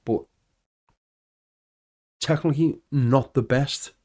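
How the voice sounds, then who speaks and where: A man, a former footballer, telling lively anecdotes in a casual podcast interview, acting out the dialogue. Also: medium pitch, slow pace. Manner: animated anecdotes with acted-out dialogue.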